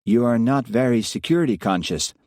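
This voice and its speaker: A man's voice: medium pitch, animated, brisk, darkish tone, no echo, clean studio sound, voice pushed up, lightly acted. A man voicing a blunt Russian policewoman inspector with a Russian accent tinged with American, speaking curtly and formally. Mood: commanding. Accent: Russian with faint American tones. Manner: curt, formal and commanding.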